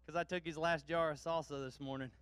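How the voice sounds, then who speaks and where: A man's voice: on the high side, fairly bright tone, clear, resonant tone, no echo. A man in his thirties from Missouri giving a folksy, joking speech to an audience at an awards ceremony. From Missouri, USA. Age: 30s. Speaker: guest speaker presenting awards.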